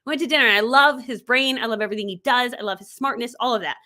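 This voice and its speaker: A woman online business coach giving a motivational talk, telling animated stories and acting out what people said. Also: fairly high pitch, fast. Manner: animated storytelling, acting out quotes.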